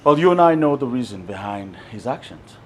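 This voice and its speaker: A man's voice: mid-range voice, animated, brisk, noisy background, lightly acted. A man playing a hot-headed, resentful young prince. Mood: angry. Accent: Nigerian. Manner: accusing, sneering, shouts at times. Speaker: actor. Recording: film soundtrack with music under it.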